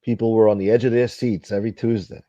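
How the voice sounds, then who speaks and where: A man's voice: lowish voice, flat delivery, quick pace, dark tone, no room sound. A man hosting a casual livestream, chatting bluntly, swearing freely and reading out viewer comments. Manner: blunt, rambling, swears freely, mimics others. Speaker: livestream host.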